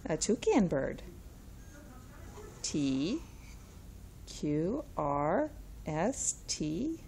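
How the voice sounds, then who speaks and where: A woman's voice: low-pitched, sing-song, very slow, gravelly, warm tone, a little hiss or hum. Woman coaxing a toddler in a sing-song voice. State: sniffly. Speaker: mother. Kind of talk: casual talk to a toddler.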